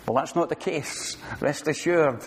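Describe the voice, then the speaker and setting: Pastor preaching in an echoing hall. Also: male voice, a little high, a little slow, slightly rough. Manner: earnest, conversational preaching with rhetorical questions. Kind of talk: sermon. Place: church sanctuary.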